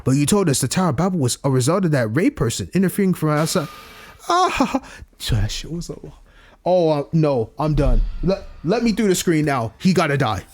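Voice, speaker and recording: A man hosting a game playthrough, reacting loudly and swearing, calling everyone "bro". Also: on the high side, quick pace. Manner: excitable, swears, says "bro". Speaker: let's play host. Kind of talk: reading game text aloud and reacting.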